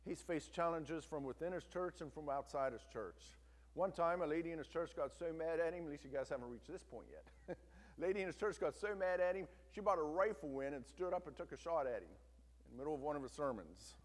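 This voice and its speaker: A man's voice: a little high, brisk, big-room sound. A male pastor preaching a sermon, telling a story with emphatic turns and urging the congregation to listen.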